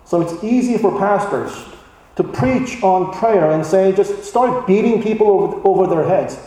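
Male pastor, sermon delivery, mellow and fairly high, echoey church hall with a distant mic. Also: normal speed. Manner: animated, voice rising for emphasis.

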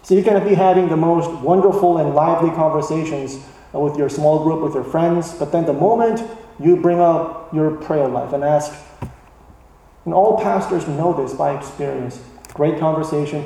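Male pastor, sermon delivery, mellow and fairly high, echoey church hall with a distant mic. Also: normal speed, gravelly. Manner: animated, voice rising for emphasis.

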